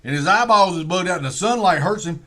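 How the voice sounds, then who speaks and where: A man's voice: high voice, animated, fast talker, bright, forceful tone. A man telling a rambling, profane, folksy comic story with many digressions. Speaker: comedian.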